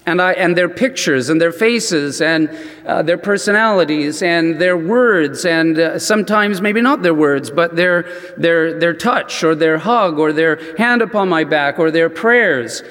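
A man preaching a sermon as a chatty personal story, animated and full of "you know" asides. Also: a little high, a little slow. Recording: long reverb in a large hall.

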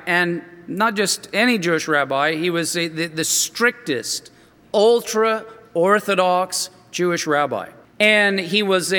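High, bright-voiced male preacher. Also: long reverb tail. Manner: earnest, emphatic, with frequent restarts. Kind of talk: sermon storytelling.

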